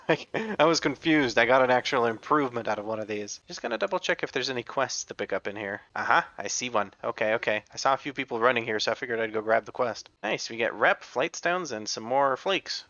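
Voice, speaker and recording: A man's voice: mid-range voice, bright, forceful tone. A man giving casual, joking commentary over his own gameplay, swearing freely and laughing often. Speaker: gaming video creator.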